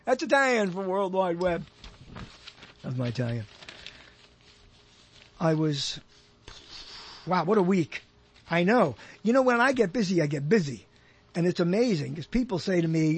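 Older male radio host, high husky voice, rambling and jokey, dry close mic. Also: animated, moderate pace, pauses often, no room sound. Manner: rambling, jokey, self-deprecating asides. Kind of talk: solo radio talk, rambling.

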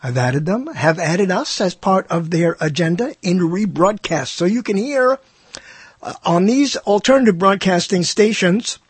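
Rambling older New York radio host. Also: male voice, high-pitched, lively intonation, unhurried, husky, dry recording. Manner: rambling, self-mocking, theatrical. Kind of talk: casual monologue.

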